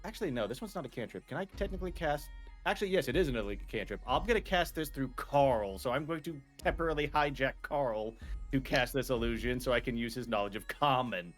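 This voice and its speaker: A man's voice: medium pitch, lively intonation, fast, faint music behind. A man playing a tabletop game, correcting himself often and laughing as he explains his spell. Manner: restarting, self-correcting, laughing. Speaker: player. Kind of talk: casual tabletop play.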